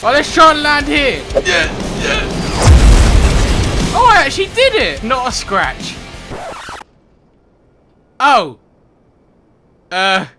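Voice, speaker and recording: A young man giving comedic gameplay commentary, excitable, with loud outbursts and swearing. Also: extremely high pitch, slow pace, long pauses, over music. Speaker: gaming YouTuber.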